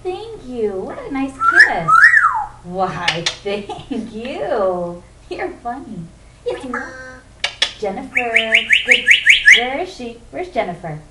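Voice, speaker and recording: In a coaxing, sing-song baby-talk voice, a woman praises and prompts her pet parrot, speaking slowly at a fairly high pitch with huge swings. It's captured on a roomy, distant home camera with loud noise.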